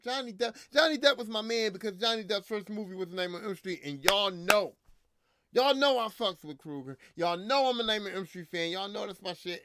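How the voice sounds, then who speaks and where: A man's voice: high-pitched, sharp tone, no echo, studio quality. A man hosting a podcast, ranting in casual, profane, slangy talk, repeating himself, a little drunk. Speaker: podcast host.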